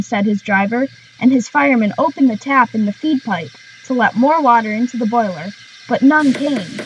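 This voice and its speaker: A woman's voice: on the high side, animated, normal speed, poor audio. Woman reading a train storybook. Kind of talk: storybook narration with character voices. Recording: music bed behind the voice. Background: background music.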